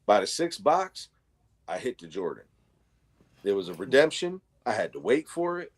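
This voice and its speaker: A man's voice: on the low side, big pitch swings, normal speed. A man in casual chat, telling a story with slang and swearing. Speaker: livestream co-host.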